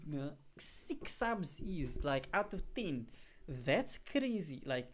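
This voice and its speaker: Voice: mid-range voice, a little slow. A young adult streamer, chatting casually to a live audience in a rambling way, full of fillers. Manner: animated bursts when greeting viewers. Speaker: live streamer talking to chat.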